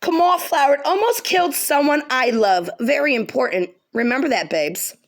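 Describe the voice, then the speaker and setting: Fired-up woman ranting, high lively voice. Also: moderate pace. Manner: heated, profane, emphatic, repeats lines for stress. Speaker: vlogger. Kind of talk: angry direct-to-camera rant.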